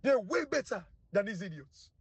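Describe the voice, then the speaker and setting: A man's voice: sits high, very animated, normal speed, breathy edge, dry recording. A man with a Sierra Leonean Krio accent giving heated, scornful political commentary that repeats itself. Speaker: online commentator.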